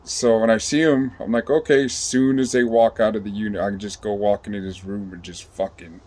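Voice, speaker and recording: A man with a fairly low voice tells a story in a loose, rambling way. He swears freely and keeps filling pauses with ums and you-knows. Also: little pitch movement, a little mellow. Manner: rambling, profane, with many fillers. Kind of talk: casual storytelling.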